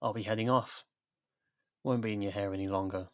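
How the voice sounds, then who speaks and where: A man plays a male time traveller, energetic yet weighed down by guilt. He talks briskly and with a low voice. It is a storybook reading. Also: no room sound, close to an everyday voice.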